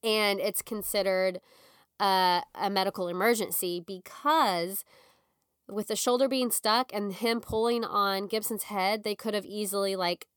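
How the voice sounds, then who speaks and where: A young woman tells a personal story in a relaxed, conversational way, jumping into little acted-out quotes and scattering "like" through her sentences. Her voice is smooth and clear, recorded close and dry with no room around it. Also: medium pitch, measured pace, no room sound. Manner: animated, acts out quotes, frequent "like". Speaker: guest telling her birth story.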